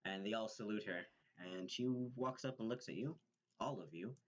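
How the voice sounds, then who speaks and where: A man's voice: fairly low pitch, moderate pace. A man narrating as game master of a tabletop game, hesitant and full of fillers and restarts. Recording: dull lo-fi recording.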